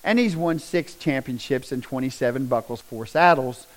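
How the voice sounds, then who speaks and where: A middle-aged man, telling a personal testimony in a folksy, animated storytelling way. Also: mid-range voice, normal speed, low-quality recording. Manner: animated, down-home storyteller with rising bursts of emphasis. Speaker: speaker sharing a personal testimony.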